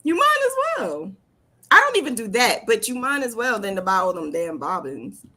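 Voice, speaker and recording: Animated New Jersey woman hosting a chat. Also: mid-range voice, brisk. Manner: animated, laughs often, emphatic. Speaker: host. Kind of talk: casual chat on a video call.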